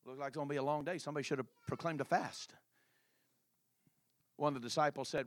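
A male preacher telling a story in a sermon, animated and colloquial. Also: on the high side, quick pace, pauses often, no echo, studio quality.

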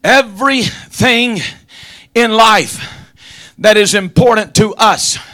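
A man preaching a sermon in a rhythmic, shouted cadence, with an "uh" before each phrase and frequent amens. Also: high voice, takes it slowly. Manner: frequent "amen" interjections.

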